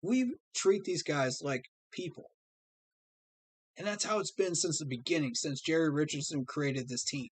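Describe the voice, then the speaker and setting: A man's voice: on the high side, normal speed, breathy edge, no echo. Earnest man, heartfelt stream talk. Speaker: fan streamer host. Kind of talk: livestream talk to fans.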